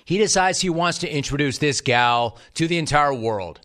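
Bright-voiced wry male commentator. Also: on the high side, animated, normal speed. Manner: wry, mocking. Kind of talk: scripted comedic sports commentary.

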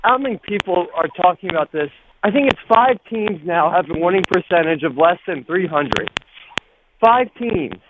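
Brief: male caller, high voice, tinny phone line with hiss, earnest. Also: animated, moderate pace. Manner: earnest, building his case. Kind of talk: call-in radio question.

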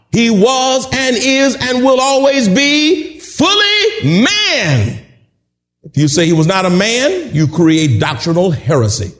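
A man preaching a sermon, emphatic and animated, at times shouting and chuckling as he drives his points home. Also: high-pitched. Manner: drawn-out, emphatic delivery.

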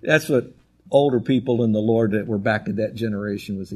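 A man's voice: fairly low pitch, brisk, slight background noise. A male pastor preaching a sermon in an emphatic, conversational storytelling manner.

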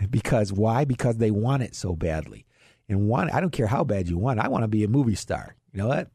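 A middle-aged man from Ohio hosts a radio show about money, chatting in a folksy way and often chuckling between points. His voice sits low, mellow and a little husky. The studio sound is dry and close. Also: animated, fairly quick, no room sound. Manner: folksy and chuckling, with frequent fillers and restarts. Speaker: radio show host, financial advisor. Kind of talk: casual radio talk on investing.

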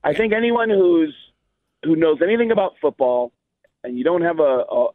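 A man's voice: fairly high pitch, expressive, normal speed, no echo. Middle-aged male comedian guest, chatty and rambling, heard over a tinny phone. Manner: rambling storyteller, many fillers. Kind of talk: casual radio phone chat.

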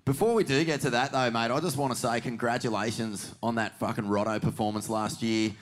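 Swearing, joking Australian host. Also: male voice, medium pitch, steady tone, a little fast. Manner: blokey, swears freely, joking. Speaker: podcast host. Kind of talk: casual podcast chat.

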